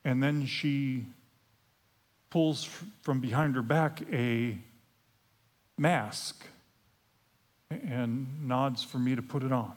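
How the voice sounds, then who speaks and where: A man preaching a storytelling sermon, animated and playful, acting out the scenes and stumbling over restarts. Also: medium pitch. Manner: halting, with frequent restarts.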